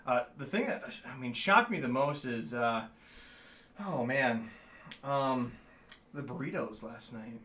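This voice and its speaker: A man's voice: medium pitch, slow, pauses often, a bit bright, a little hiss or hum. A man chatting as a guest on a casual livestream, easygoing and joking as he reads out viewer comments.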